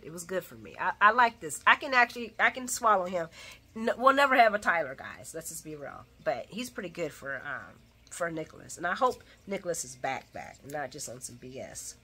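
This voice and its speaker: A woman's voice: on the low side, bright, forceful tone, slightly rough. A woman hosting a casual soap opera recap, chatty and opinionated, who laughs often and talks straight to her viewers. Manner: speaks to viewers as y'all.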